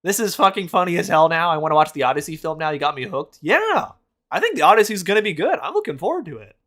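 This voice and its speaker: A man hosts a casual reaction chat with a bright, forceful voice that swings widely in pitch. He is blunt and mocking, swearing freely as he reacts. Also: very animated, quick pace. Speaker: host.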